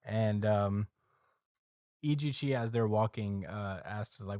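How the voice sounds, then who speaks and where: Another male co-host goes over the manga chapter in relaxed conversation, peppering it with ums and uhs. He has a warm, low voice and a slow pace, captured in clean studio sound with no room echo.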